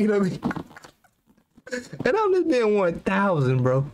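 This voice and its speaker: A man's voice: sits high, huge pitch swings, normal speed, long pauses, a little hiss or hum. A young man giving rambling, slangy reaction commentary as a YouTuber, laughing nervously between remarks.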